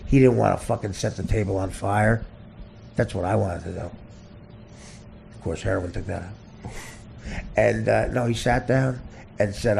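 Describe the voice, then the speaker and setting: A man hosting a podcast, launching into a profane comedic rant that swings between loud shouted bursts and low muttering, with stammered restarts. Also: steady tone, moderate pace, creaky, long pauses, a little hiss or hum. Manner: heavy cursing, repeats and stammers. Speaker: podcast host.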